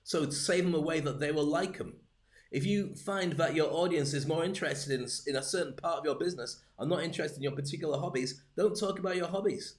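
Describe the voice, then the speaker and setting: A man giving a live-streamed business coaching talk, lively and jokey, speaking straight to his viewers. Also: a little high, a little fast.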